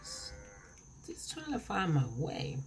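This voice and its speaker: A woman's voice: lowish voice, very animated, slow pace, creaky, a little hiss or hum. A woman in her forties vlogging at home while eating, rambling and chatty, recorded on her camera. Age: 40s. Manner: rambling, self-interrupting, chatty. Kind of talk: casual vlog while eating. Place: home, indoors. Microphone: camera mic.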